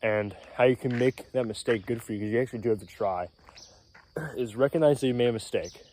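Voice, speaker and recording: A man vlogging outdoors in casual self-improvement talk, a little out of breath, rambling and clearing his throat, often tagging "right?". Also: mid-range voice, fairly quick, a little mellow. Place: outdoors in nature, mosquitoes around. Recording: faint outdoor noise with insects.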